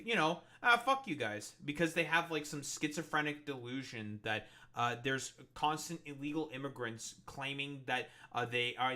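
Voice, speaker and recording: A man's voice: medium pitch, pushed and bright. A man streaming, reacting to political news clips with angry, profane commentary.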